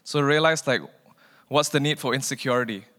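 Animated man giving a bright testimony. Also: mid-range voice, fairly quick, big-room sound. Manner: animated storytelling, acts out dialogue. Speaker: speaker sharing testimony. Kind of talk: personal faith testimony.

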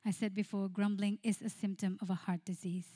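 A woman pastor giving a sermon. She reads scripture, then tells a counseling story with frequent laughter and quiet, hushed quotes of her own words. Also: mid-range voice, little pitch movement, a little fast.

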